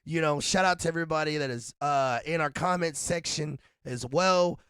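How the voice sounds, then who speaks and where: Raspy-voiced man on a podcast. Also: moderate pace, no echo, clean studio sound. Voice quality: raspy, deep. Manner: loose, laughing, rambling with shout-outs. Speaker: podcast co-host. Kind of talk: casual podcast chat.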